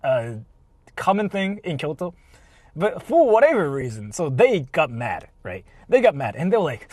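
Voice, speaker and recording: A man telling a story in a casual vlog, animated and full of filler words. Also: fairly high pitch, normal speed, dry recording, rough recording. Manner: animated, heavy use of filler "like", laughs often. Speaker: vlogger. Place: inside a car.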